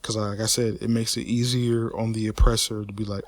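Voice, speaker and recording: A man, ranting in a profane, repetitive, animated way. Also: on the low side, moderate pace, few pauses, no echo, studio quality. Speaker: podcaster. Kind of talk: unscripted rant.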